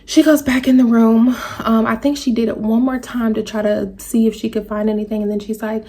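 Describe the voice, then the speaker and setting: Emotional woman with a husky voice. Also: fairly high pitch, level tone, mellow. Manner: halting, emotional, addresses viewers directly. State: tearful at times. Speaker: vlogger. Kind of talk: personal story told to camera.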